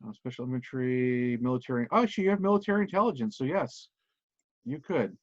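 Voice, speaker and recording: A man's voice: mid-range voice, animated, fast talker, no room sound, muffled recording. A man running a tabletop game as game master, narrating scenes loosely in an online session.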